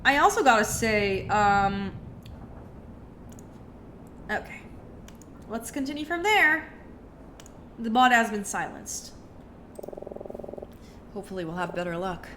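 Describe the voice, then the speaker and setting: A woman's voice: medium pitch, expressive, takes it slowly, pauses often, noisy background. A woman streamer with a cold, chatting through a story game and thinking aloud with many fillers. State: has a cold. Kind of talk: casual game playthrough commentary.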